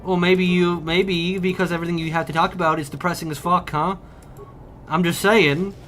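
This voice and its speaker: A man's voice: high voice, level tone, normal speed, faint music behind. Profane, joking young male streamer. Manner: loud, profane, joking banter with chat. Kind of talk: casual livestream chat while gaming.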